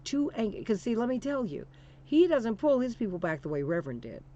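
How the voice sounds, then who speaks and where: A woman hosting political talk radio, building her points through emphatic, preacher-like repetition. Her voice sits at a middling pitch, and the recording sounds dull and lo-fi. She speaks with fervent conviction and calls her listeners "honey.". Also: sing-song, fairly quick, mellow. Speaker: radio talk show host.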